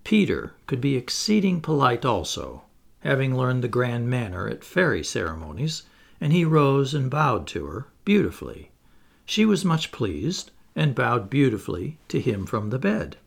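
A man narrating a children's storybook aloud in an expressive, playful way with asides to the listener. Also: medium pitch, normal speed, gravelly. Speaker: audiobook reader.

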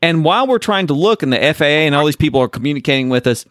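A man co-hosting a podcast, telling a story in an animated, laughing way, chatting casually with callers. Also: fairly high pitch, rapid-fire, no echo, studio quality. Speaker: podcast co-host.

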